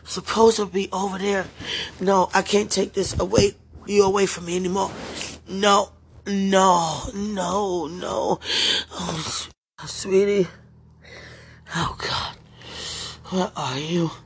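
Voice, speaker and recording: A tearful woman in an emotional spoken prayer, pleading in halting, repeated phrases. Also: mid-range voice, steady tone, a little hiss or hum.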